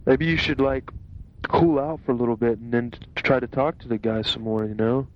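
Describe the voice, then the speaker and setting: A man's voice: mid-range voice, steady tone, a little fast. A man in casual chat, asking blunt questions and reacting to a friend's story. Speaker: listener in conversation. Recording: dull lo-fi radio sound.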